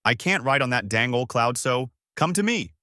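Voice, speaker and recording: A man's voice: medium pitch, lively intonation, normal speed, bright, forceful tone, no echo, studio quality. A man voicing a lecherous, playful old male martial arts master with a drawling, hesitant delivery.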